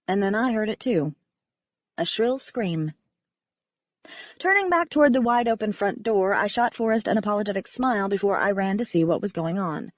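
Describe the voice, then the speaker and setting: A woman narrating a first-person audiobook in a wry, animated manner. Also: medium pitch, normal speed, dry recording, muffled recording.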